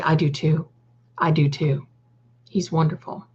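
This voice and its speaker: Chatty woman streamer, lower voice. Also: fairly even intonation, measured pace, darkish tone, slightly rough, muffled recording. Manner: chatty, calls viewers darling, reads chat aloud; snarky opinionated asides. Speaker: livestream host. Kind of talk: casual livestream commentary.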